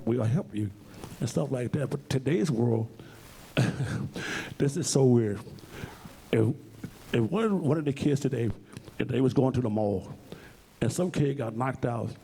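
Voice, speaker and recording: A man's voice: mid-range voice, measured pace, warm tone, slightly rough. A man being interviewed on stage at a library event, speaking bluntly and emphatically and swearing freely. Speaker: interview guest.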